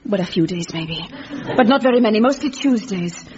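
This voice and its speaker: An actress playing a melodramatic woman reunited with an old flame, slipping into deadpan asides, in a radio comedy. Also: medium pitch, fairly quick, crowd noise, close to an everyday voice. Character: dramatic woman returning to a lost lover. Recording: muffled recording with hiss.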